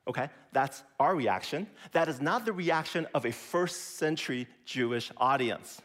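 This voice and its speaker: A man preaching a sermon in a lively, conversational way, often checking in with his listeners. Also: a little high, normal speed, hardly any pauses. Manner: lively, conversational preaching with frequent "okay?" and "right?". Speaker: pastor.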